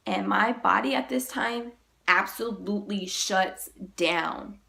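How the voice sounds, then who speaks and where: A young woman vlogger, sick and deeper-voiced than usual, retelling a personal story in a halting, emotional way, full of "like". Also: very animated, vocal fry, pushed and bright, a little hiss or hum.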